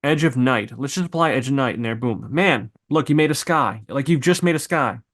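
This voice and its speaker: Man talking through a software tutorial. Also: mid-range voice, a little fast. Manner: thinking aloud while clicking, loose asides and exclamations. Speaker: video editing instructor. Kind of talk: screen-recorded software tutorial.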